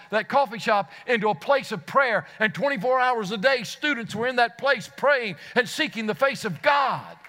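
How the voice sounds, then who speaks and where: Bright, high-voiced fervent male preacher. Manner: earnest, rising to fervent exclamations; repeats words when starting phrases. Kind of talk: sermon storytelling.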